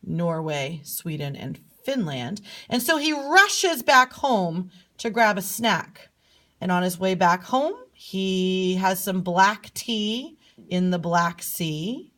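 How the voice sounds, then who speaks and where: A woman's voice: fairly low pitch, takes it slowly. Playful woman telling a map story. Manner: playful, sing-song, lively storyteller. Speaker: teacher. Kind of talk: storytelling geography lesson.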